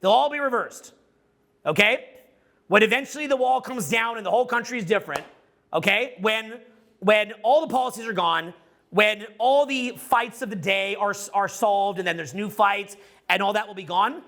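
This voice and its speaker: A loud, excitable middle-aged man works a live audience as a social skills coach, his talk casual, rambling, and full of profanity. He has a high voice and keeps a normal pace.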